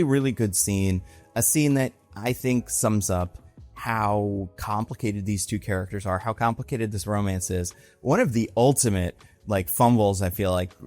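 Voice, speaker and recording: A man's voice: lowish voice, darkish tone, no room sound. Chatty man breaking down a TV episode. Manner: chatty and conversational, swings into exaggerated voices when quoting characters. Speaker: online film and TV commentator. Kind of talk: casual episode breakdown commentary.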